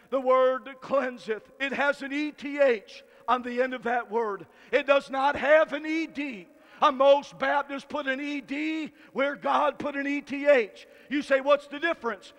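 A high-pitched male preacher raised in rural Michigan delivers a fiery Baptist sermon. He talks in a folksy, plain way, swelling into shouts and stretching his words out slow. A long reverb trails every phrase, as in a big hall. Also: steady tone. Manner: shouting climaxes and slow drawn-out emphasis.

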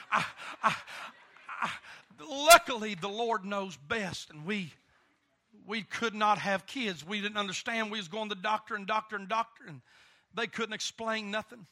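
A man preaching a sermon through an animated personal story, with many "uh" fillers. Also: high voice, unhurried.

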